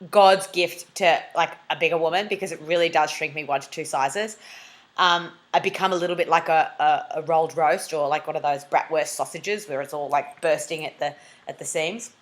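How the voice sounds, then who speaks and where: An Australian woman talking to camera in a comic confessional vlog, animated and jokey, now and then jumping into a squeaky high voice. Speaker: vlogger.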